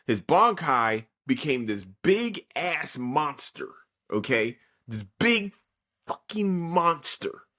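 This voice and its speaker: A young man hosting a podcast, casually recapping an anime episode in an excitable, profane way with lots of fillers. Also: fairly high pitch. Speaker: podcast host.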